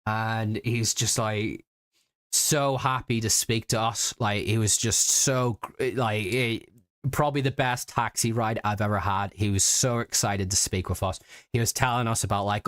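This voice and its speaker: A man's voice: lowish voice, steady tone, unhurried, a bit bright, no echo, studio quality. A man from Britain telling stories in a casual stream. He rambles and halts, with many fillers and restarts. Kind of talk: casual storytelling chat.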